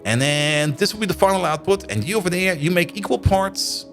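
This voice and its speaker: A man's voice: high-pitched, expressive, brisk, fairly bright tone, faint music behind. A man streaming a game live, chatting and thinking aloud as he plays and laughing often. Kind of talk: live stream commentary while playing.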